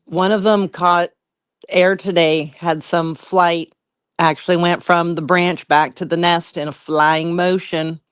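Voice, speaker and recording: Chatty lower-voiced woman co-host. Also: flat delivery, measured pace, clean tone, no room sound, studio quality. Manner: enthusiastic, chatty. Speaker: co-host of a live stream. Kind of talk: casual live-stream chat.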